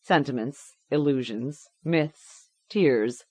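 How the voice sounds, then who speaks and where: A woman reading a grim story aloud in a measured, deliberate way. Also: extremely low pitch, dark tone, dry recording. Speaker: audiobook narrator. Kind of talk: scripted audiobook narration.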